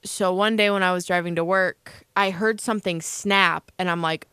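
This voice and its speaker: A woman's voice: fairly low pitch, fairly even intonation, normal speed, a bit bright, smooth, dry recording. A young woman co-hosting a casual chat show, telling a long rambling story with lots of fillers. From Illinois, USA. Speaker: co-host.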